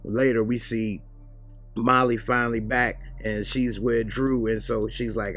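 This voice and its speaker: A man's voice: medium pitch, flat delivery, fairly bright tone, faint music behind. A man casually recapping a TV episode, retelling scenes in a loose, conversational way. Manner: loose, conversational retelling with quick acted quotes. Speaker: TV show reviewer.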